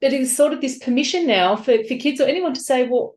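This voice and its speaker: Author guest, female, higher voice, emotional and animated storyteller; roomy, echoey podcast audio. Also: brisk. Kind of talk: podcast interview. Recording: echoey room.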